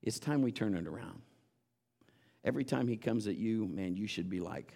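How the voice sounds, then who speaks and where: Storytelling preacher, builds to shouts. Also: male voice, on the low side, expressive, moderate pace, gravelly. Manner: storytelling with rising, shouted exhortations. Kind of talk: sermon.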